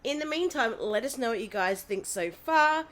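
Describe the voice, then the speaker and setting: A woman's voice: on the high side, normal speed. Aussie woman talking to camera, bouncy voice, chatty. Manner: lively, chatty, laughing. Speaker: show host. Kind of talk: casual address to viewers.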